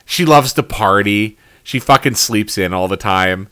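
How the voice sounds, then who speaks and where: A man's voice: fairly low pitch, unhurried, fairly bright tone, clean tone. A man co-hosting a casual podcast, reviewing a TV show with sarcasm, frequent swearing and laughter. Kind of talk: casual chat.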